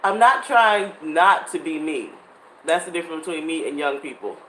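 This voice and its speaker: A woman's voice: deep voice, expressive, moderate pace, fairly bright tone, slight background noise. A woman, chatting casually and animatedly with her viewers and laughing often. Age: 30s. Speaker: vlogger. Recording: echoey room with faint ambience.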